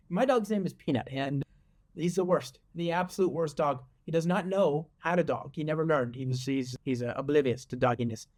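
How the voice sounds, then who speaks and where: A man with a slightly high voice hosts a casual coding tutorial. He talks in an animated, joking way and often restarts his sentences. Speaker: host and software developer advocate.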